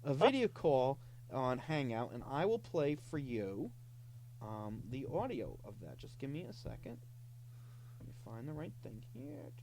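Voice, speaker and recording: In playful, mock-dramatic fashion, a male comedy host narrates a story and reads out scam chat messages. He has a mid-range, slightly mellow voice with big pitch swings and a somewhat slow pace, and there's slight background noise.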